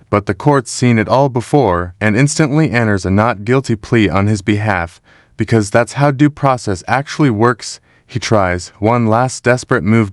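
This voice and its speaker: A man's voice: lowish voice, no echo, studio quality. A man narrating a courtroom clip in a mocking, dramatic scripted recap. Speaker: commentator.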